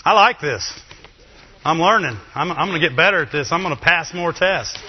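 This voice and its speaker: A man preaching a sermon in a lively, chatty way, with asides to the congregation. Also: on the high side, moderate pace, husky. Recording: dull, long reverb of a hall.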